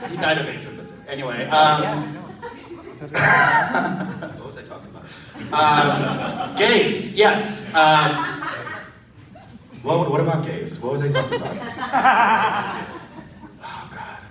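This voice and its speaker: Taking it slowly with long pauses, a stand-up comedian on a comedy club stage tells self-deprecating stories and laughs between lines. His voice is on the high side with huge pitch swings, and the roomy, distant live recording includes crowd noise and audience laughter.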